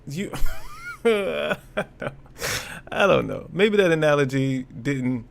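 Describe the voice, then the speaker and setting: A man hosting a reaction video, talking in a fairly high, gravelly voice. His pitch jumps all over as he fires off incredulous questions. He repeats himself for emphasis. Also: very animated, takes it slowly. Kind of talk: reaction commentary.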